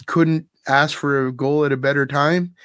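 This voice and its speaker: A man hosting a podcast in casual chat, telling an animated story and laughing often. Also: fairly high pitch, moderate pace, clean tone, dry recording, clean studio sound. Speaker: podcast host.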